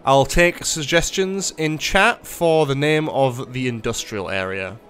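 A man chats through his own city-building stream at an ordinary mid pitch, cursing freely and poking fun at himself as he talks to his viewers. A little game music hums faintly behind him. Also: unhurried, a bit bright. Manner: sweary, self-mocking, talks to chat. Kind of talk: casual gaming livestream commentary.

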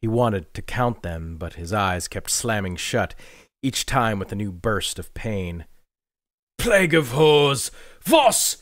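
A man giving measured, dramatic scripted narration of a dark fantasy novel. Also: low voice, no echo. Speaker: audiobook narrator.

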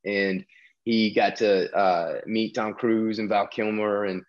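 Slowly and with flat delivery, a man from the American South with a voice on the low side tells a long story as a podcast guest. It's a casual storytelling interview, rambling and full of restarts and fillers, recorded with lo-fi sound.

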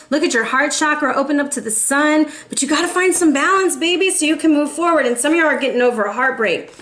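Woman, tarot reader, casual, encouraging, emotional, fairly high pitch. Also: a bit bright, slight background noise. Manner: chatty, encouraging, calls viewers baby. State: emotional, close to tears. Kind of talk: casual tarot reading to camera.

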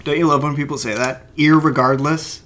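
A man's voice: a little high, steady tone, moderate pace, fairly bright tone, slight background noise. A man in his twenties rambling to himself into a desk microphone while building a toy kit, cracking jokes and swearing as he goes. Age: 20s. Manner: mutters and swears to himself, jokey asides. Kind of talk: rambling casual monologue.

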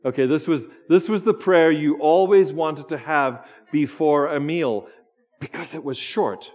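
A male pastor delivers a sermon to his congregation in a church sanctuary. His voice sits a little high for a man, and his delivery is loose and conversational, full of stammered restarts and teasing asides. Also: normal speed, darkish tone.

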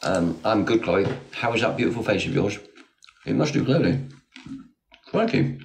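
A man's voice: on the low side, a little fast, vocal fry. A man hosting a live stream, reading out comments and answering viewers in a sarcastic, teasing way on a phone mic. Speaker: livestream host.

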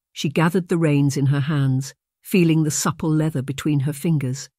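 In a mid-range voice, an audiobook narrator works through a romance novel with calm, measured storytelling. It's scripted narration, captured as clean studio sound without any echo.

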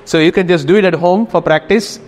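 A man's voice: sits high, a little fast, darkish tone, long reverb tail. A man teaching a Greek class, giving instructions and often checking in with his students. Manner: instructive, keeps checking in with "okay?". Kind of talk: classroom lesson.

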